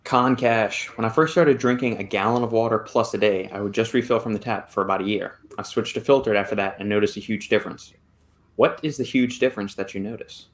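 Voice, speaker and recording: An American man hosts a livestreamed podcast in an easygoing, chatty way, reading viewer comments aloud and thanking donors. His voice is on the low side, and he talks briskly.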